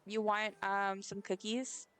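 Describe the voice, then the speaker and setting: A woman's voice: mid-range voice, flat delivery, slow pace, fairly bright tone, clean tone. A woman streamer chatting casually while playing a game, giggling and talking to the characters on screen. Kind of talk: casual gameplay chat.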